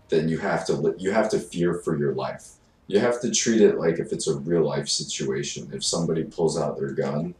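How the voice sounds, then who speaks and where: A young man with an extremely deep voice rambles in laid-back, profane streamer chat. He sits away from the mic. The sound is roomy, with faint noise behind him. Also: darkish tone, distant mic. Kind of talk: casual chat.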